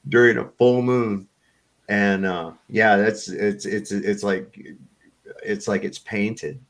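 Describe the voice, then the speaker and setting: A man's voice: lowish voice, steady tone, slow pace. A man chatting loosely on a podcast, telling stories with laughter and swearing. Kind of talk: casual chat, storytelling.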